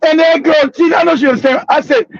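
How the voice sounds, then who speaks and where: A man hosting a live talk show. He tells a casual, profane, animated story, laughing often and bursting into shouts. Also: very high-pitched, fast talker, creaky. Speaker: show host. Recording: dull, dry lo-fi audio.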